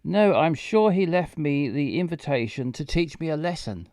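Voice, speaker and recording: A man's voice: a little high, animated, normal speed, darkish tone, dry recording. A man rambling and stumbling through casual live game stream commentary on a close mic. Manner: rambling, stumbling, self-mocking.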